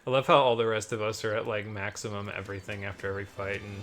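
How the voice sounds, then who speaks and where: A man's voice: lowish voice, steady tone, fast talker. A man hosting a gameplay stream, casually explaining game mechanics with lots of fillers and asides. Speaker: streamer and host. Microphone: desk microphone, turns away to read chat. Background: game music.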